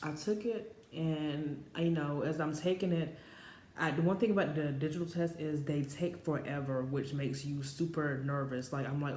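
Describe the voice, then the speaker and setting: A woman's voice: low-pitched, steady tone, normal speed, darkish tone. A woman in her late twenties telling a personal story to camera in a chatty, rambling way, full of filler words. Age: 20s. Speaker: vlogger. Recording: roomy echo with faint background noise.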